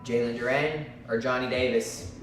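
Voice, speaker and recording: A man's voice: medium pitch, steady tone, normal speed, fairly bright tone, soft background music. A man hosting a casual live sports stream, talking through draft picks in a hesitant way, with lots of fillers and restarts. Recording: echoey room, far from the mic.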